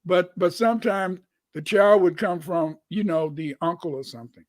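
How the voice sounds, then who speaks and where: A man's voice: high-pitched, moderate pace, no room sound. An older American man, a guest scholar, talking loosely on a live stream, repeating his words and cussing now and then. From United States. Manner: rambling, repeats words, cusses. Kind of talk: casual live-stream talk.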